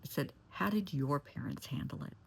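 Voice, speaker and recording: A woman's voice: deep voice, normal speed, vocal fry, breathy edge. A woman therapist recounting a client story and giving blunt, candid advice. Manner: candid, blunt, shifts to forceful warnings.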